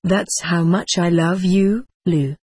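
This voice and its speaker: A woman's voice: fairly low pitch, steady tone, slow pace, slightly rough, dry recording, clean studio sound. A woman reading an earnest, tender young man. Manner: soft, tender speech.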